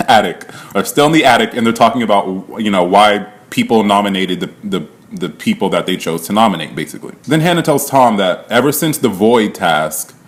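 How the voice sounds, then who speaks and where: A man with a somewhat low-pitched voice recaps a reality show in a casual, rambling way. He laughs often, leans on "like", and swears without a second thought. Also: animated, normal speed.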